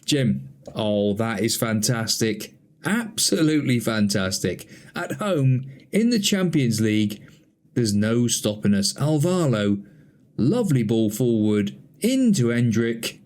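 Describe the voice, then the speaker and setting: Guy doing pretend football commentary over his game, chatty, gets excited, mid pitch. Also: slow. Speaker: gaming channel host.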